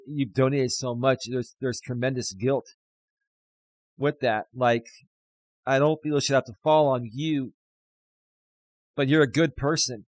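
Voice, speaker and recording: A man's voice: mid-range voice, steady tone, unhurried, long pauses, no room sound. A man hosting a live stream as a life coach, ranting at critics and getting emotional while reading out super chats. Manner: indignant rant turning to emotional gratitude. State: emotional, near tears.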